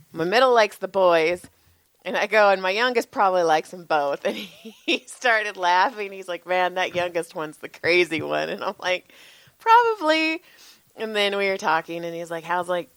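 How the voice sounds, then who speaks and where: Animated, laughing woman telling stories. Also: medium pitch, dry recording. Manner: animated, laughing, swearing freely, acts out quotes. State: tired. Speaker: podcast co-host, massage therapist. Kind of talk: casual storytelling chat.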